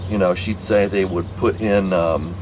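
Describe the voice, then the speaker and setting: A man with a fairly low voice tells a story in a loose, rambling way. He often circles back and restarts his sentences, and faint background noise sits under his voice. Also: steady tone, unhurried. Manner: rambling, repetitive, many restarts. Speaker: vlogger telling a family story. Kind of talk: casual storytelling monologue.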